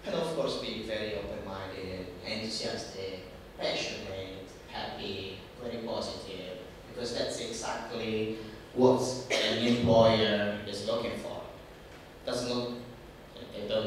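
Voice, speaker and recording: A man's voice: on the low side, unhurried. A man coaches a room of students on job interviews, leaning hard on key words and acting out an employer's thoughts. His voice comes from a distance and rings through a very echoey room. There is a faint hum of room noise behind him. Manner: animated, emphatic, acts out the employer's thoughts. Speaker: career workshop speaker. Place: large university room. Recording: echoey room heard from far off.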